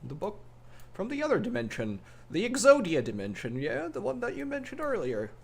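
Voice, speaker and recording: A man voicing an excited, scholarly male sage who mutters eagerly to himself in a tabletop game. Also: sits high, a little fast, vocal fry, slightly rough, voice pushed up, heavily acted.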